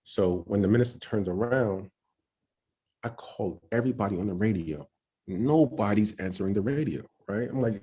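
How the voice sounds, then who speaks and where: Young man, low husky voice, guest telling a tense story, nervous and animated, quotes other people's voices. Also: moderate pace. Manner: excited, acts out quoted voices, frequent "right?". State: nervous, shaking. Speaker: podcast guest. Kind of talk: storytelling testimony.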